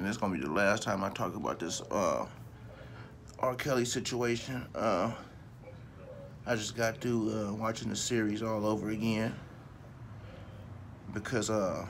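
A man with a fairly low voice delivers a casual, profane rant straight to his viewers. He repeats lines for emphasis and keeps turning to them with questions. A faint noise hangs behind the recording. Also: a bit bright. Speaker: vlogger. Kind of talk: casual ranting commentary to camera.

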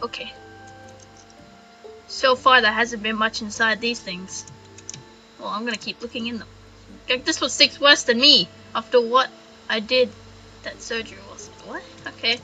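A woman's voice: on the high side, moderate pace, long pauses, bright, forceful tone, faint music behind, low-quality recording. A young woman hosting a let's play, giggling, swearing freely and reading game text aloud. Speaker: gaming channel host.

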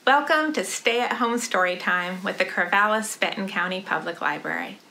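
A woman's voice: medium pitch, normal speed, creaky, over music. A woman librarian leading a storytime for young children, cheerful and sing-song, talking straight to the kids. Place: library or home, indoors.

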